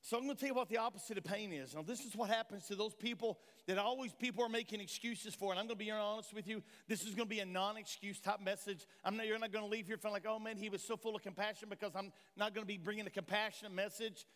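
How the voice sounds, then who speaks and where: A male pastor from Tennessee, USA, preaches an impassioned sermon in a high, slightly bright voice, talking fast with few pauses and throwing rhetorical questions at the congregation. He is in a church sanctuary, and the recording carries a long church-hall reverb.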